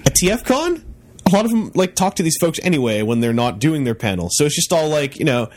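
A man's voice: a little high, fast talker. Casual man recapping a fan convention. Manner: animated, quotes people in put-on voices. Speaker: podcast host.

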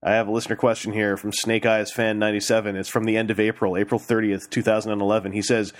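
A man's voice: lowish voice, level tone, fast, few pauses. A man hosting a casual podcast, jokey and playful as he reads listener questions aloud. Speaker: podcast host.

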